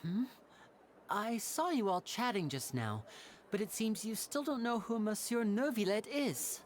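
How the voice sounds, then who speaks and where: An actor voicing a showy young male stage magician who talks like a smooth, gracious showman. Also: high-pitched, lively intonation, a little slow, a little hiss or hum.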